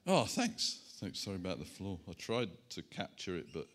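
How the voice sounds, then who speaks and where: Animated pastor, chatty sermon. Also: male voice, low-pitched, normal speed. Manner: animated, self-mocking, chatty asides to the congregation. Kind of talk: sermon with props. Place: church hall.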